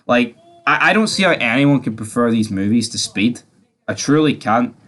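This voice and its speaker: A man's voice: mid-range voice, lively intonation, moderate pace, a bit bright. Chatty, rambling man reviewing a film. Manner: rambling and chatty, swears, tags lines with "right?". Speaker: movie reviewer. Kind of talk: casual movie review monologue.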